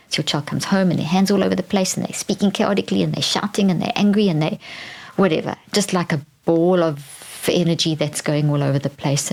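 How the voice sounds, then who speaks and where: Woman, low-pitched voice, podcast host, conversational teaching talk, slips into soft whispers. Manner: drops to a soft whisper when modeling gentle phrases; conversational, with frequent restarts.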